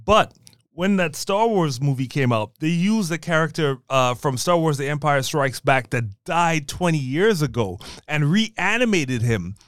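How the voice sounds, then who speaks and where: A man's voice: a little high, expressive, unhurried, fairly bright tone, dry recording, studio quality. A man chatting casually as podcast co-host, rambling with fillers and joking. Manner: rambling, hesitant fillers, jokey put-on voices. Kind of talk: casual chat.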